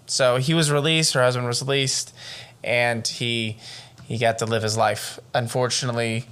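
A man co-hosting a casual true-crime podcast, telling the story in an animated, excitable way and swearing freely. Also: medium pitch, moderate pace, clear, resonant tone. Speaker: podcast co-host.

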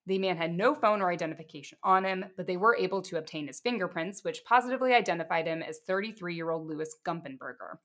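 A woman co-hosting a podcast, telling a crime case in a casual, steady way with chatty asides. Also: on the low side, quick pace, few pauses. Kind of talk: casual true crime storytelling.

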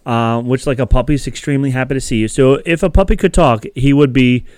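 A man chats through an episode recap in a casual, rambling way, full of fillers and restarts. His voice is smooth and clear, recorded dry and close. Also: mid-range voice, fast, darkish tone, no echo. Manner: rambling, filler-heavy storytelling. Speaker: podcast co-host.

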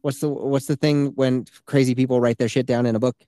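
A man's voice: mid-range voice, level tone, fairly quick, mellow, dry recording. A man co-hosting a podcast, chatting casually in a teasing, profane, sarcastic way. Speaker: podcast co-host. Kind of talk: casual chat.

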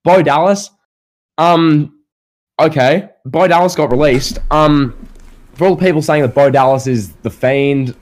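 A man's voice: on the high side, measured pace. An Australian man hosting a casual wrestling podcast, firing off rhetorical questions with a sarcastic edge. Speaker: podcast host.

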